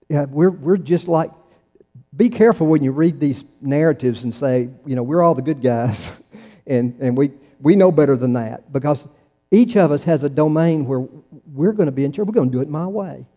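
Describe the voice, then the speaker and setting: A man preaching a sermon, halting often with restarts and fillers as he tells stories to the congregation. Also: on the high side, warm tone. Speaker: pastor. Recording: long hall reverb.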